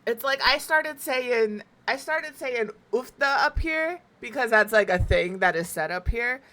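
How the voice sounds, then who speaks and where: A woman's voice: fairly high pitch, lively intonation, measured pace, pushed and bright. A young woman from the American South, chatting casually and rambling with self-mocking humor while she plays a game on stream. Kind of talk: casual chat while gaming.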